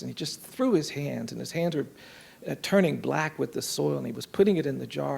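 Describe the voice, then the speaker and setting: A man telling a story from his work in an earnest, measured way, voicing the people in it softly. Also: fairly high pitch. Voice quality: gravelly, husky. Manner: earnest, measured storytelling with soft quoted voices. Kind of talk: storytelling talk.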